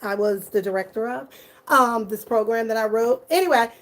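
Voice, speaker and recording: A woman's voice: fairly high pitch, normal speed. A middle-aged woman giving casual, blunt and profane commentary as a YouTuber.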